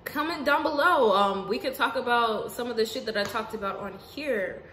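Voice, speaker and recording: A woman giving an unscripted spiritual monologue to her viewers, casual and profane, swinging between emphatic outbursts and hushed asides. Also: fairly high pitch, normal speed. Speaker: spiritual vlogger. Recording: roomy echo with faint background noise.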